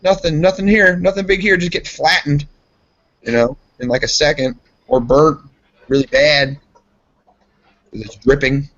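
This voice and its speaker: A man's voice: on the high side, steady tone, unhurried, pauses often, fairly bright tone. Brief: foul-mouthed working man, rambling anecdotes, casual, muffled lo-fi sound. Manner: profane, rambling storyteller. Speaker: guest, steel mill worker. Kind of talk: casual chat. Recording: dull lo-fi podcast audio.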